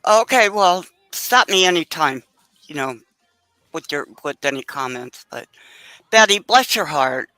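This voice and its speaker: A woman calls into a livestream and talks slowly, feeling her way through her points with polite, hesitant phrasing. Her voice sounds bright and a bit tense, and dry and close. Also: deep voice, animated, no room sound, low-quality recording. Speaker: caller on a livestream. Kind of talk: casual call-in chat.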